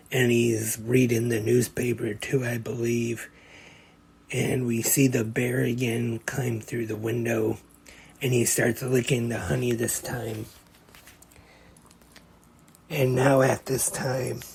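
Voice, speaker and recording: A man's voice: medium pitch, vocal fry, a little mellow, slightly rough. A man hosting a podcast, retelling a comedy short scene by scene in a plain, casual way. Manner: slow, plain play-by-play retelling. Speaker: podcast host.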